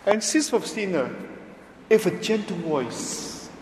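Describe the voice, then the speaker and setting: A man preaching a homily at Mass in a slow, emphatic way, with frequent pauses and simple, non-native phrasing. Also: sits high, sing-song, a little mellow, a little hiss or hum. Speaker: priest. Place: large church. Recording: echoey church with long reverb.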